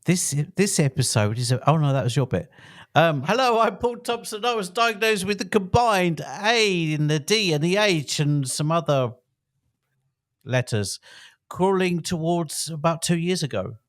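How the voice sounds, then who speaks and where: A man's voice: fairly high pitch, expressive, moderate pace, no echo, clean studio sound. A middle-aged man from England co-hosting a podcast in a playful, jokey, casual chat. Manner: jokey, playful, breaks into song. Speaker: podcast co-host.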